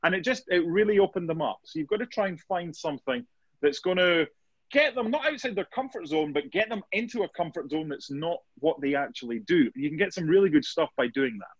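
A man's voice: on the high side, animated, a little fast, husky, no echo. A man, a sports reporter guest telling anecdotes in a casual interview, with many restarts. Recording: dull dry lo-fi sound.

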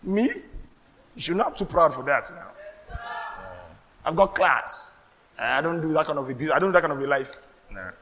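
Nigerian man, pastor, lively sermon, pidgin asides, high-pitched, long church reverb. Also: moderate pace, creaky, pauses often. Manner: animated preaching with pidgin asides and laughs.

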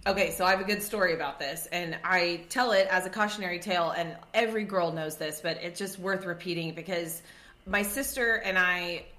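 A woman chatting casually as a guest, telling a lively story. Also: lowish voice, fairly quick. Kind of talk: casual chat. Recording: roomy echo.

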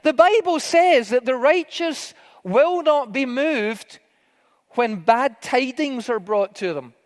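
A man's voice: very high-pitched, expressive, takes it slowly. Middle-aged male preacher in a reverberant hall. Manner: conversational storytelling with fillers, swinging to emphatic pleading. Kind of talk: sermon.

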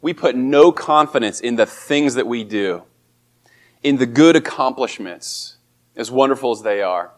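Casting: male pastor, mid-pitched voice, earnest sermon delivery with emphatic rises. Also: lively intonation, a little slow.

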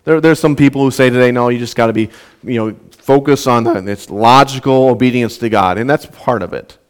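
Earnest young male preacher, smooth voice. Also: mid-range voice, brisk. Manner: earnest, repeats words when restarting. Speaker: pastor. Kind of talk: sermon.

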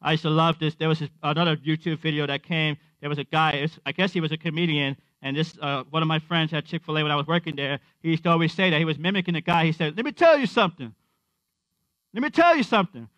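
High-voiced man preaching a sermon. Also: flat delivery, fast talker, few pauses, a bit bright, no echo. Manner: conversational preaching with repeated refrains and acted-out quotes.

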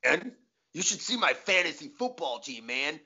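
A man's voice: a little high, moderate pace, husky. A young man, chatting casually and profanely as a comedian co-host, slipping into mocking voices. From Metro Detroit area. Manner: profane, animated, mocks locals in exaggerated voices. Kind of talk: casual chat. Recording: lo-fi dull audio.

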